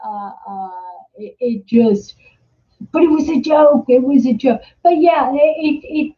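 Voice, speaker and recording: A middle-aged woman hosting a live interactive show, telling stories in a casual chat, often repeating words and stammering. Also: a little high. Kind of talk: casual live-stream chat, reading viewer comments. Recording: dull lo-fi stream audio.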